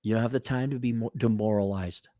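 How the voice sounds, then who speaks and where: A man's voice: lowish voice, fairly even intonation, quick pace, dark tone, no echo, studio quality. A man hosting a casual advice rant, blunt and sarcastic, talking in a stop-start way. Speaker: host.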